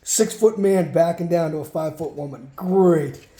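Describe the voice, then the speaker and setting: A man's voice: on the high side, moderate pace, dark tone, roomy sound. A man casually telling a rambling childhood story while sorting through a card collection, breaking off for muttered asides.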